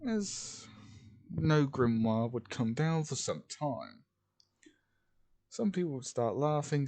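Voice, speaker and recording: A man casually narrates a fan-made story, rambling and circling back on his phrasing. He speaks slowly with lively swings in pitch. His voice is dark and mellow. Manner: rambling, repeats "as ... would just".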